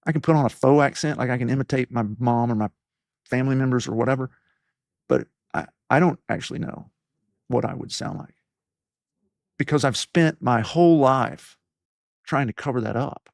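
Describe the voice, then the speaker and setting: A man in his fifties from East Tennessee with a softened Southern accent, telling personal stories in an interview and acting out quoted voices. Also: medium pitch, normal speed, gravelly, long pauses, no room sound, studio quality. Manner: earnest storytelling, acts out quoted voices. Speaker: podcast host as guest. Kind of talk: reflective interview talk.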